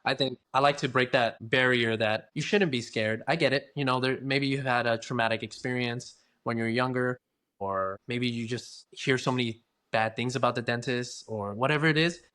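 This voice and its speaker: A man's voice: medium pitch, moderate pace, bright, forceful tone. A talkative, easygoing man, chatting casually as a guest in an interview about his work. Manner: talkative, easygoing, acts out quoted voices. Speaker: guest, dental hygienist.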